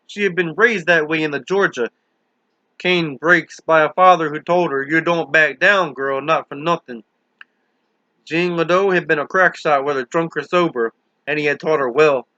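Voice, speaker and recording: A man narrates a thriller in a steady, earnest audiobook reading. His voice sits fairly high and sounds bright and forceful. The recording is dull and lo-fi with no room echo. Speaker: audiobook reader.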